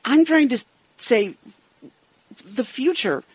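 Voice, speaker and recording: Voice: sits high, expressive, slow, breathy edge, no echo. A participant in a Bible study who reads verses and talks them over earnestly, searching for words. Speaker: scripture reader in a Bible study.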